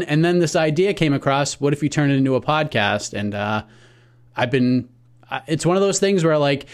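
A man co-hosting a sports podcast, talking in an upbeat, casual way with some fillers as he wraps up the show. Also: on the high side. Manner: upbeat, sign-off patter with fillers. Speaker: podcast co-host.

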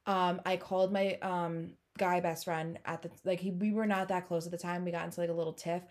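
Lower-voiced candid woman co-host. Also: little pitch movement, a little fast, a little mellow. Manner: blunt, candid storytelling. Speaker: podcast co-host. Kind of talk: casual chat.

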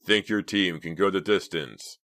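A man's voice: sits low, normal speed, fairly bright tone. A man voicing a cocky teenage jock who talks in a jovial, teasing way.

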